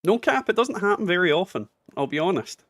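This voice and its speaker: Chatty Scottish gamer dad. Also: male voice, sits high, sing-song, brisk, fairly bright tone, dry recording. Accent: Scottish, toned down. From Scotland. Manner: chatty, swears, jokey asides. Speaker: gaming streamer. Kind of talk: casual chat while playing a game.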